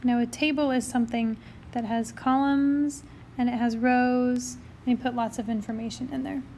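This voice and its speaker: A woman with a high, bright-toned voice walks through a recorded math lesson, chatty and upbeat as she explains each step. She has the hiccups, and faint background hiss sits under her voice on the tablet mic. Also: steady tone, moderate pace. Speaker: math teacher.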